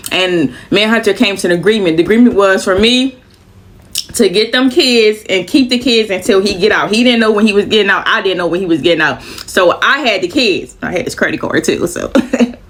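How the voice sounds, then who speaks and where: Breathless, animated woman telling a story. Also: mid-range voice, brisk. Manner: animated, profane, repeats phrases for emphasis. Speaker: storyteller vlogger. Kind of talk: casual storytelling.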